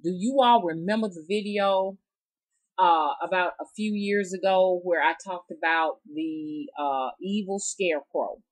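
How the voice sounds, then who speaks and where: Low-pitched Southern woman with a drawl; casual, meandering vlog storyteller. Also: unhurried, low-quality recording. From Southern United States. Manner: rambling, chatty, talks straight to her audience. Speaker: rootworker storyteller.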